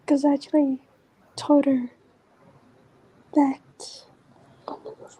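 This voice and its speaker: A woman vlogger talking in a casual, rambling monologue that often drifts into soft whispers. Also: high voice, little pitch movement, takes it slowly, long pauses, rough recording.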